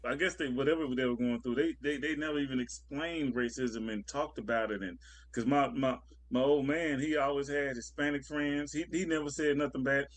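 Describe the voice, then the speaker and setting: A man's voice: medium pitch, fairly even intonation, a little fast, no room sound. A man co-hosting a talk show, chatting casually and earnestly, often repeating words as he talks. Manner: earnest, repetitive, laughs easily. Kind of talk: casual chat.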